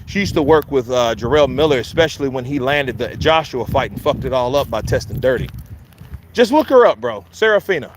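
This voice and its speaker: A man's voice: medium pitch, animated, fairly quick, a little hiss or hum. A man with a Philadelphia accent hosting casual boxing commentary, loose and joking, hyping things up with repeated chants. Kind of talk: casual live-stream chat.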